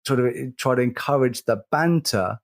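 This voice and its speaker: A man, co-hosting a casual podcast, speaking earnestly and slowly, repeating words as he stresses a point. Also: medium pitch. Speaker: podcast co-host.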